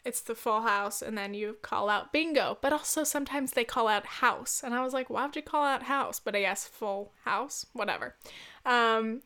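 Smooth-voiced chatty woman podcaster. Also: a little high, moderate pace, sharp tone. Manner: chatty and self-deprecating, laughs often, many fillers. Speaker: podcast host. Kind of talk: casual solo podcast chat.

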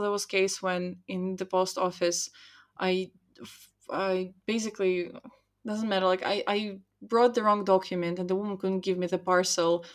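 Young woman chatting casually, tells stories w lots of "like", does little voices for people, mid pitch. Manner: animated storyteller, acts out quoted voices, many likes. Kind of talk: casual chat.

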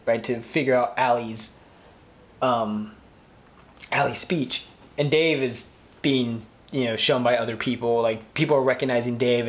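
A man of middle pitch rambles through a casual review, heartfelt and full of praise. A faint hiss of noise sits under his voice. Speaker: podcast host.

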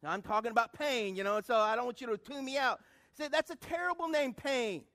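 A middle-aged man preaching a sermon, calling out to the congregation and swinging between loud appeals and hushed lines. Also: very high voice, fairly quick. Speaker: pastor.

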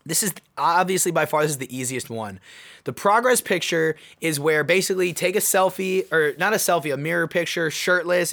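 A young man hosting his own podcast, telling a personal story in an animated, excitable way. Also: fairly high pitch. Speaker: podcast host. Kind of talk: casual solo podcast monologue.

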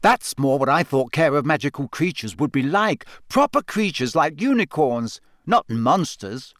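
A man's voice: a little high, very animated, normal speed, fairly bright tone, no echo, studio quality. A man reading aloud and voicing a haughty teenage schoolgirl who speaks in a hard, dismissive way. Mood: cold.

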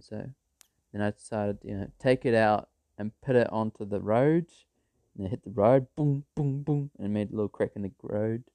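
A man's voice: lowish voice, brisk, mellow, no room sound. A man telling a made-up story in a rambling, casual way, full of fillers and restarts. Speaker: vlogger.

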